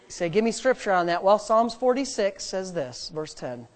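A man's voice: sits high, very animated, moderate pace. A man, a pastor, preaching a sermon and driving points home with emphatic repetition.

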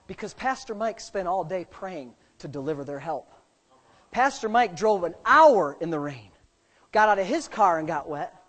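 A middle-aged man preaching a sermon as pastor, swinging from quiet, low asides to loud, fervent shouting. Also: very animated, normal speed.

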